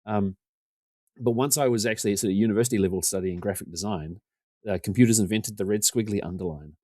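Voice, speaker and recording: A New man in his forties talks fast in a low, easygoing voice, spinning a long, self-mocking yarn as a podcast guest. He keeps slipping into the voices of the people he's quoting. The sound is dry and close, with no room around it. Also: warm tone, no echo. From New Zealand. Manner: rambling, self-deprecating, acts out quotes. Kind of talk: casual storytelling.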